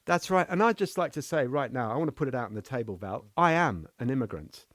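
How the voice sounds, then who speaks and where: A man's voice: mid-range voice, expressive, fast, a bit bright, no echo, studio quality. A man from England co-hosting a casual philosophy podcast, telling playful jokey stories. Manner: playful, joking storyteller. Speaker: podcast co-host.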